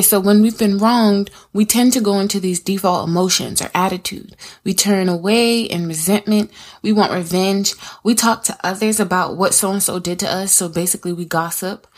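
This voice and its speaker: Chatty woman teaching Bible study. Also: mid-range voice. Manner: chatty and conversational, addresses listeners as y'all.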